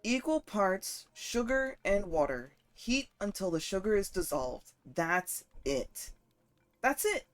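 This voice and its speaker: Woman, game streamer, casual chat, swears a lot, rants loudly at times. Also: medium pitch, animated, slow, few pauses. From northern United States. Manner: chatty and profane, gets passionate and loud.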